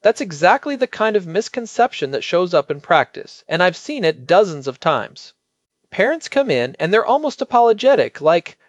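Man, expert podcast co-host, measured and emphatic, high animated voice. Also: no echo, highs cut off. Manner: measured, explanatory, emphatic on key points. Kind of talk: explanatory podcast chat.

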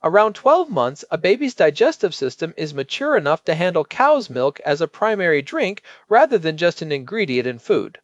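Lively high-pitched man explaining calmly. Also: no echo, lo-fi sound. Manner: measured, explanatory, emphatic on key points. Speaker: pediatric expert co-host. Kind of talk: explanatory podcast chat.

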